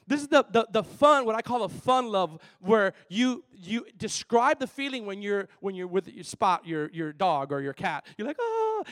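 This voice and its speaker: A man preaching a sermon in an animated, playful way, moving between loud and soft. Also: high voice. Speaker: pastor.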